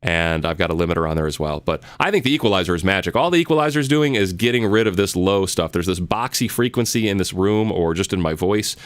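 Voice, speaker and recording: A man's voice: low-pitched, lively intonation, fast talker, few pauses, dry recording. A man teaching a live online music lesson, answering viewer questions in a chatty, rambling way with many fillers. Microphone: close studio mic.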